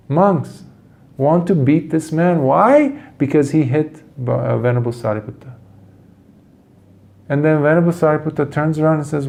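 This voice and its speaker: A man, a Buddhist monk, giving a dharma talk and telling a teaching story slowly and deliberately. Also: on the high side, creaky, a little mellow. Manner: slow, deliberate storytelling with pauses.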